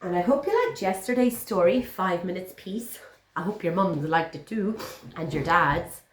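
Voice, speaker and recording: A woman teaching young children and reading them a picture book, encouraging and sing-song. Her pitch swoops up and down expressively, and the room gives a clear echo. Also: animated, normal speed, a little hiss or hum. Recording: roomy echo.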